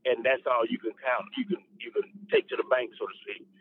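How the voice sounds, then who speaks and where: A man, an associate pastor, tells his personal testimony in an animated way, often repeating and restarting his words. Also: medium pitch, a little fast, slight background noise. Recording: dry, phone-like narrow sound.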